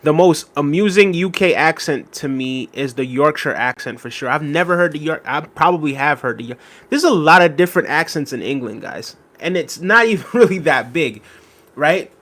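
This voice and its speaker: A young man hosts a live stream in a slightly bright, somewhat high voice with lively intonation at normal speed. He rambles conversationally, full of fillers, as he reads and answers comments from chat.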